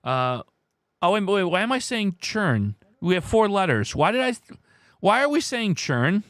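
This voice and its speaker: A man's voice: sits high, very animated, measured pace, fairly bright tone, dry recording, clean studio sound. A man hosting a casual live stream, thinking aloud as he weighs guesses and chats with viewers.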